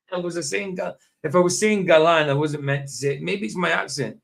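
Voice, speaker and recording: A man's voice: on the high side, normal speed, vocal fry, fairly bright tone. Rambling, chuckling male streamer. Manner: rambling, chuckling, talks to himself. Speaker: live stream host. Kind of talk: casual live-stream chat.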